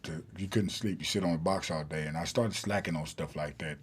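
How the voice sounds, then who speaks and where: A man's voice: sits low, fairly quick, husky. A man, a podcast guest telling a long story in a rambling way with many fillers and restarts. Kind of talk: casual storytelling in an interview.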